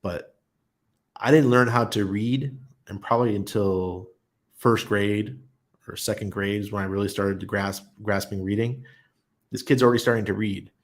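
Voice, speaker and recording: A man's voice: fairly low pitch, fairly even intonation, normal speed. A middle-aged man hosting a casual livestream, chatty and telling stories with easy laughs, reading out viewer comments. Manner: chatty, storytelling, laughs easily. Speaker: host of a crypto channel.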